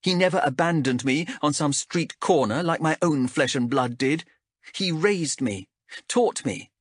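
A man's voice: fairly high pitch, lively intonation, measured pace, slightly rough, dry recording, studio quality, pitched above the performer's own voice. A male narrator voicing a stubborn young woman explorer who speaks earnestly and defensively in a raised voice. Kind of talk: audiobook character voice.

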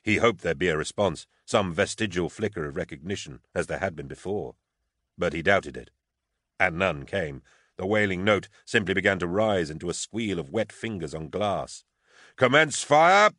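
A man narrating an audiobook in a steady, even storytelling manner, on a close studio mic. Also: low-pitched, moderate pace, no room sound.

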